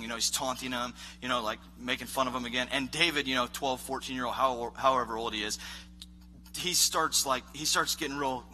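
A man preaching a casual, animated sermon as a youth pastor, acting out voices of characters. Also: medium pitch, slight background noise.

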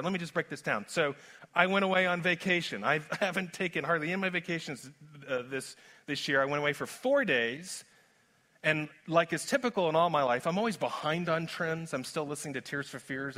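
Self-deprecating humor runs through this male pastor's animated, conversational sermon, and his voice is a little high.

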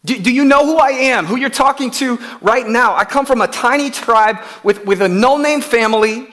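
This is an anxious young man, pleading and doubting himself, his voice pitched up high and pushed louder, as a preacher puts him on. He sounds strained and insistent as he protests that he is nobody. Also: moderate pace. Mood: protesting.

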